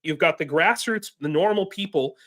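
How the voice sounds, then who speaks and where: Taking part in an informal online roundtable, this American show regular talks at normal speed in a slightly high, somewhat bright voice. His speech wanders, with lots of fillers and false starts.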